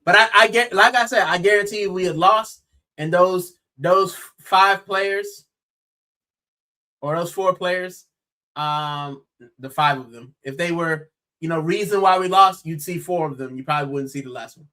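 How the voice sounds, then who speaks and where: A man's voice: sits high, moderate pace. A young American man on a football podcast, talking animatedly in casual chat and saying bro a lot. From United States. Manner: animated, exclaiming, says bro often. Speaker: podcast co-host.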